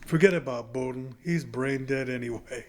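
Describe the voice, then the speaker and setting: A man voicing a friendly young male baseball pitcher who trades good-natured jabs with a teammate. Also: moderate pace, close to an everyday voice. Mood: bantering. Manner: warm, then sarcastic.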